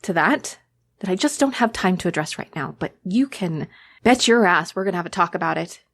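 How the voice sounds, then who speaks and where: A woman's voice: lowish voice, lively intonation, a little fast, a bit bright. A woman voicing a stern middle-aged woman governor who talks bluntly and commandingly to her daughter.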